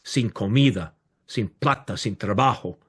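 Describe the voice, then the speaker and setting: A man's voice: lowish voice, normal speed, a bit bright, slightly rough. A man voicing a fiery male street orator making an impassioned speech, recorded over a video call. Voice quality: impassioned, declaiming. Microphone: video call microphone.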